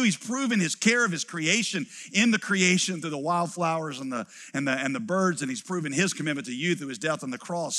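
A middle-aged man preaching a sermon as a pastor, acting out quoted voices and then dropping to quiet emphasis. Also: fairly high pitch. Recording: preached in a large reverberant hall.

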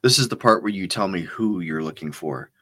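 A man's voice: low-pitched, lively intonation, a little fast, bright, forceful tone, heavily acted. A man voicing a nervous, nerdy male intelligence analyst who asks flustered, disbelieving questions. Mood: uneasy.

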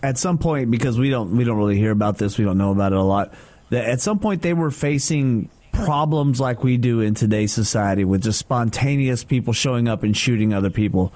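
A man co-hosting a talk radio show in casual, relaxed conversation. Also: mid-range voice, fairly quick. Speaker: radio co-host.

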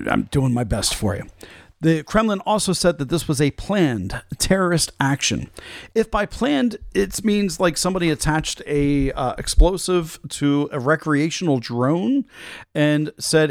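A man's voice: a little high, lively intonation, moderate pace, no room sound. Male host, loose chatty commentary, dry unroomy mic. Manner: casual, chatty, with fillers. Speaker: podcast host.

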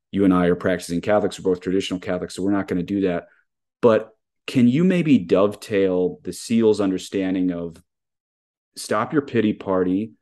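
A man's voice: low-pitched, mellow. A man, a Catholic priest, hosting an interview and explaining ideas earnestly at length. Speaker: podcast host, Catholic priest. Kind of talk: conversational interview.

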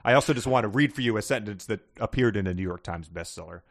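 A man's voice: lowish voice, fast talker, creaky. A man co-hosting a podcast book discussion in casual chat, making wry, dry remarks with chuckles. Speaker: podcast co-host.

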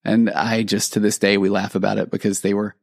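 Middle-aged male therapist-host, gravelly low voice, earnest talk with restarts, dry close sound. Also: little pitch movement, fairly quick, no room sound. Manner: earnest, conversational, with frequent restarts. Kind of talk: reflective podcast monologue reading listener stories.

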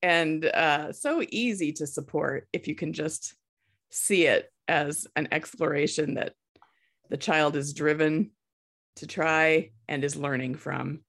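Low-voiced, dry, sarcastic woman. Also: slow, fairly bright tone. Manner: dry, sarcastic, talks over others. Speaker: podcast co-host, early childhood educator. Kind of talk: casual chat.

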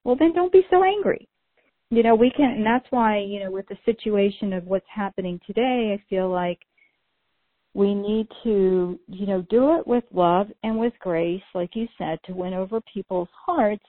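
A middle-aged woman co-hosts a podcast, speaking at medium pitch and normal speed as she tells stories in a chatty way, full of "you know" fillers. It's a casual conversation, recorded dry with no room sound and a narrow, phone-like quality.

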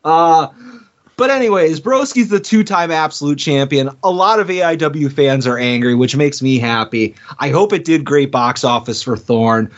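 A man co-hosting a podcast in loose, casual chat. He tells rambling stories and slips laughs in between his points. His voice sits a little high, and the audio is dull and lo-fi. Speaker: podcast co-host.

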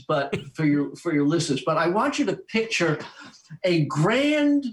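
An older man, a musician interviewed, telling a long anecdote in an animated way with chuckles and restarts. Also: a little high, poor audio. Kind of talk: anecdotal storytelling.

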